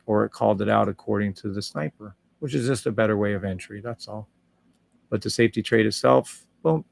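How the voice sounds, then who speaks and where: A man's voice: fairly low pitch, gravelly, dry recording. A man hosting a live trading stream, walking viewers through charts in a casual, upbeat and salesy way, humming little tunes as he scrolls and reading out viewer comments. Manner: hums and scats while scrolling charts.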